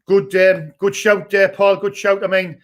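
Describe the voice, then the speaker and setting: Fan-channel host: young man, high-pitched, eager match commentary. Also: level tone. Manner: shouts and rushes during attacks, chats between. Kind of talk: excitable live fan commentary.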